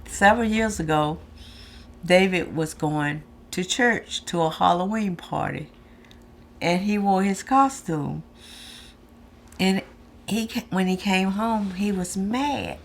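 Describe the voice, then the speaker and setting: A middle-aged woman telling family stories in a documentary interview, in an unhurried, heartfelt way. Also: medium pitch. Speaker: interviewee, sister.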